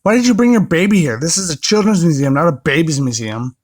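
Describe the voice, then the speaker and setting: A man's voice: fairly high pitch, animated, fast. A man reading a story aloud and putting on the voice of a pushy, entitled mother who speaks in a demanding, indignant way.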